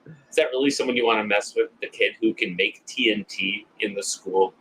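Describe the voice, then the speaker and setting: A podcast co-host with a lowish, slightly fast voice, sharp in tone with a breathy edge, jokes crudely about a slasher movie on a rough recording. He laughs often and keeps acting out the characters' lines.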